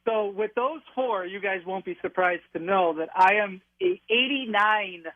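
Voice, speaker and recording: A man's voice: high-pitched, moderate pace, no room sound. A man from New York calling in to a radio show, wry and self-mocking about his teams. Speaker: caller, host's friend. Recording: phone line into studio.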